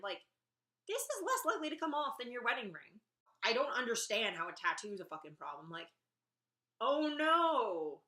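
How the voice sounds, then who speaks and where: A woman's voice: fairly high pitch, sharp tone. A young woman vlogging a casual rant, exasperated and sarcastic, swearing freely.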